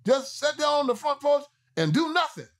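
A man's voice: very high voice, very animated, moderate pace, fairly bright tone, voice pushed up, exaggerated voice. A man mimicking a whiny defeatist voice. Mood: mocking.

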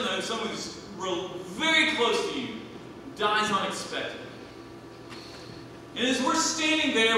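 A man in his thirties preaching a sermon, swinging between hushed and loud, emphatic delivery. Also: very high voice, slight background noise. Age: 30s. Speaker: pastor. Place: church sanctuary. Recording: echoey church hall from a distant mic.

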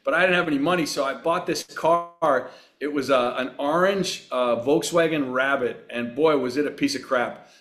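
A middle-aged man from Long Island telling wry, relaxed anecdotes as a guest in a casual interview. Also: mid-range voice, moderate pace, few pauses. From Long Island, New York. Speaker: actor and racer, guest.

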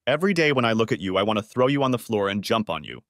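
A man's voice: fairly low pitch, sing-song, racing, fairly bright tone, no echo, clean studio sound. A man reading the part of a tearful, apologetic wife who pleads with her husband, his voice raised for her. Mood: pleading.

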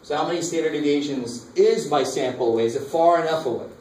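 A man's voice: fairly high pitch, quick pace, a little mellow. A man teaching a math lecture, talking casually and asking the class questions. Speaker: math instructor. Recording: echoey classroom from far off, faint noise.

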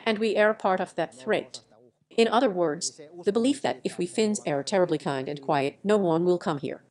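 Woman reading a translated lecture. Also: mid-range voice.

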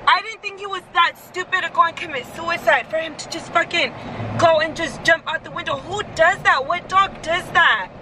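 A woman's voice: very high voice, normal speed. A woman vlogging inside a car, recounting events with animation, swearing and acting out what was said. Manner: animated storytelling, swearing, retelling in quotes. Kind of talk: casual vlog chat. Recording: car noise behind the voice. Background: road and car noise.

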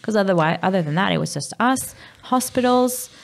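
Gravelly-voiced mother telling her story. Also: mid-range voice, lively intonation, a little fast. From Malta. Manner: open, storytelling, drops to a hush for quoted words. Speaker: podcast guest, mother. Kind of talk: casual interview conversation.

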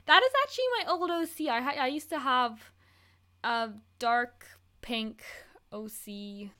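A teenage girl with a high, bright voice hosts a casual reaction video. She chatters and giggles, poking fun at herself as she goes. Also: measured pace. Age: teens. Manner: giggly, self-mocking, chatty. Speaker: channel host.

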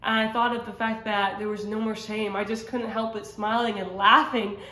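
A woman's voice: mid-range voice, little pitch movement, moderate pace, sharp tone. A woman sharing a personal faith testimony in casual, earnest talk, rambling with many fillers and restarts. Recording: roomy echo.

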